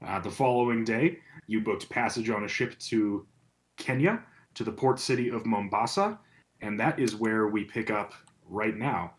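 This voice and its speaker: Man game master doing a recap, lots of uhs and ums, lowish voice. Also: normal speed. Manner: recapping with many fillers. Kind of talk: narrating a tabletop horror game.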